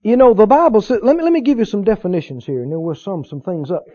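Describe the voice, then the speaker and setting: A man from Mississippi, preaching a sermon in a fervent, repetitive way that climbs into shouts of praise. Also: high voice, fast talker, muffled recording.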